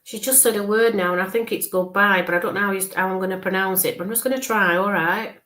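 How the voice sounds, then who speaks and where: A woman in a mid-pitched voice, neither high nor low for a woman, gives a live psychic reading. She talks softly and reassuringly, builds up each image through repetition, and keeps checking in with her listener. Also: fairly even intonation. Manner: describes visions slowly, checks in with frequent okays. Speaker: spiritual medium.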